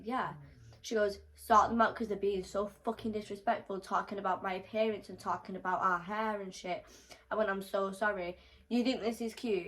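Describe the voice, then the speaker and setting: A young woman telling a storytime vlog, animated and swearing freely as she acts out the quotes. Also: medium pitch, poor audio.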